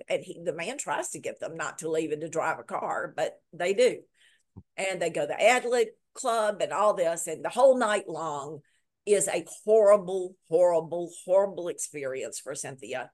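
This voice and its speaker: A woman author, a guest in a video interview, telling a story with lively retelling and repeating words for emphasis. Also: on the low side. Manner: lively retelling that acts out quoted lines.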